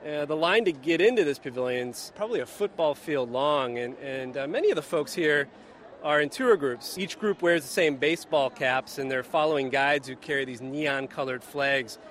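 A man reporting for the radio from outdoors at a busy expo, describing the scene in a relaxed way with fillers. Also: a little high, moderate pace, a little hiss or hum. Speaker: reporter, bureau chief.

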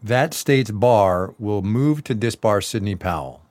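A man's voice: on the low side, animated, unhurried, a little mellow, no room sound. A man co-hosting a casual news chat show, wry and sarcastic, often repeating himself for effect. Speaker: co-host.

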